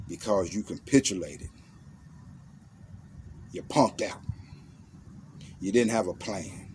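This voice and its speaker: A man's voice: low voice, noisy background. A man giving a blunt, intense monologue that guides the listener through a visualization, using slang and commands. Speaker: motivational self-defense speaker.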